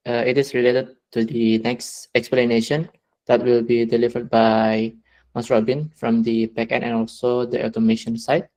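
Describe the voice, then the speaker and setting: A man moderating an online work meeting, talking slowly with many hesitant fillers over a video call. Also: medium pitch, darkish tone, low-quality recording.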